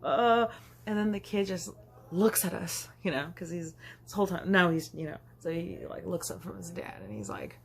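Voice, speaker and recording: A young woman telling a rambling storytime anecdote for her vlog, chatty and quick to laugh. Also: on the low side, lively intonation, gravelly. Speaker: vlogger. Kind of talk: casual storytime.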